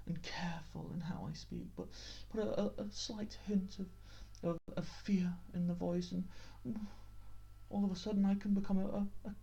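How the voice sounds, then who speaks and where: A man voicing a caring motherly woman in whispered role-play, calm and careful with a hint of fear, on a dull lo-fi recording. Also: high voice, pitched above the performer's own voice. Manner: calm, careful, soft and breathy.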